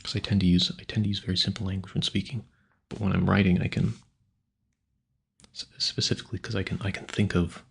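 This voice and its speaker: A man with a very low, gravelly voice talks casually into a home mic. His tone is husky and a little rough. He muses aloud and trips over hard words as he tries them out. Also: flat delivery, fast talker. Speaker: audio creator. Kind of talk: rambling casual talk.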